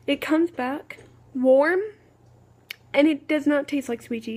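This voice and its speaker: High-pitched girl ranting on her vlog, rambly and fed up, keeps saying okay. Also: takes it slowly, long pauses, a little mellow. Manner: rambling, exasperated, full of "okay" restarts. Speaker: vlogger. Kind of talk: casual storytelling rant.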